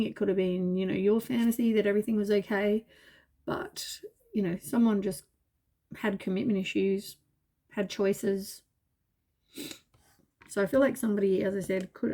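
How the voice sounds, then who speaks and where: A tired woman reads tarot cards in a loose, rambling way, full of fillers and gentle reassurance. Her voice is mellow and soft at a middle pitch, and she sounds worn out. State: tired, yawning. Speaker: tarot reader. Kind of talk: casual tarot reading.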